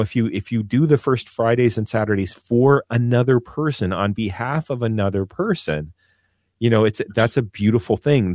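A man with a fairly low voice talks earnestly as a priest guest on a radio show. He often stumbles and repeats words. The studio sound is close and dry. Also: darkish tone, no room sound. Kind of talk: radio talk on devotion.

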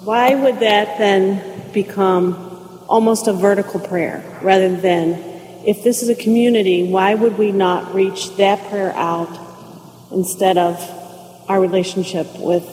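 A man's voice: high voice, steady tone, a little slow, darkish tone, long reverb tail, poor audio. A man in the audience asking a question from the floor, phrasing it in a hesitant, searching way.

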